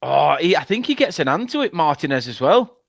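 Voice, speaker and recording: A man giving excitable live watchalong commentary on a football match, swearing freely when frustrated. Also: on the high side, brisk, creaky, no echo, clean studio sound. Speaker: fan channel co-host.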